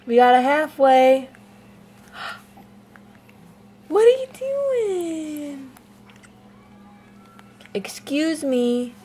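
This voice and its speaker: A woman's voice: very high voice, sing-song, drawn-out words, long pauses, mellow. A woman talking baby talk to an infant at home in a cooing, sing-song voice. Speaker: parent filming an infant.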